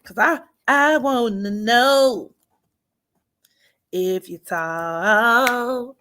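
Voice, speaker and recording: A woman chats on an astrology livestream in a bright, fairly high voice. She talks slowly and playfully, teasing and laughing, sometimes dropping almost to a whisper. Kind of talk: casual livestream chat.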